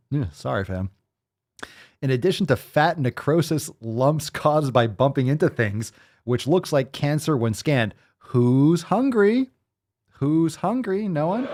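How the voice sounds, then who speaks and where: An American man hosting a casual commentary show, reading news stories and riffing on them with profane, animated remarks. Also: medium pitch. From United States. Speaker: host.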